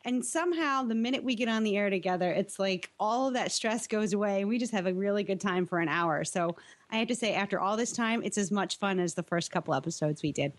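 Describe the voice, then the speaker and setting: A woman's voice: medium pitch, expressive, fast. A woman from Rhode Island co-hosting a podcast, chatting cheerfully. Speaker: co-host. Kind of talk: casual roundtable chat.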